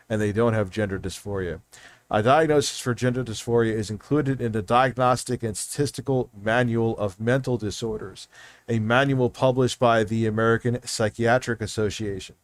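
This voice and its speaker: A middle-aged man streaming from home, loud and animated in casual commentary, swearing freely. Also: mid-range voice, no room sound. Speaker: streamer reacting to videos.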